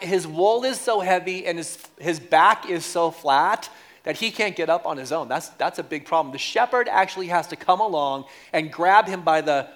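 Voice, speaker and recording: A pastor preaching a lively sermon, joking with the congregation and repeating key lines for emphasis. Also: male voice, high voice.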